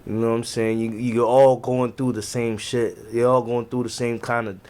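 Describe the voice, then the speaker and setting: New york guy on a podcast, slangy and lively, keeps restarting his lines. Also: mid-range voice, normal speed. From Jamaican family. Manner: animated, slangy, restarts often. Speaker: podcast guest, navy veteran. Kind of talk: casual storytelling chat.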